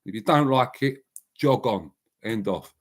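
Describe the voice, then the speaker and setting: A man's voice: medium pitch, expressive, unhurried. A man hosting a casual live chat, talking bluntly in a rambling way and answering viewers by name. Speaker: livestream host.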